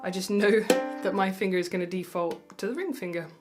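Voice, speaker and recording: A woman with a mid-range voice gives a mandolin lesson in a calm, reassuring way, slowly counting the beats aloud. Her own mandolin playing rings out clearly under and between her words. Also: medium pitch, faint music behind. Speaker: music tutor.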